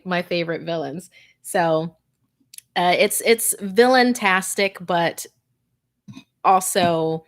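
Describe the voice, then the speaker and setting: A woman hosting a livestream, reading a scary story in a hushed, tense voice that drops into whispers, then chatting casually and laughing with viewers. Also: on the low side. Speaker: livestream host and story narrator.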